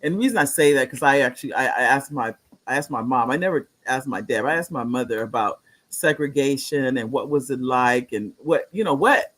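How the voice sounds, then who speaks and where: A man's voice: mid-range voice, expressive, fairly quick, fairly bright tone. Earnest man in his late sixties hosting. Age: 60s. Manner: earnest, repeats phrases for emphasis; reads viewer comments aloud. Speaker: talk show host. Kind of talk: live-streamed talk show monologue.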